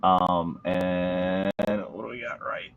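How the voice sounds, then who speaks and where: A man co-hosting a casual live stream, talking in a relaxed, easygoing way that trails off mid-thought. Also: low-pitched, takes it slowly, clean tone. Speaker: co-host. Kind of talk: casual chat. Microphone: video call. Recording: dull lo-fi stream audio.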